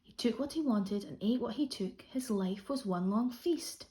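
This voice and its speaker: A Scottish woman, a primary school teacher, reading a rhyming storybook aloud with a lively rhythm. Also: a little high, normal speed. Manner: expressive rhythmic read-aloud.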